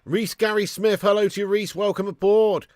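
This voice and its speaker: A man's voice: high-pitched, steady tone, moderate pace, a little mellow, dry recording, clean studio sound. A man hosting a live watch-along stream, chatting casually with viewers, reading out their comments, swearing and laughing often.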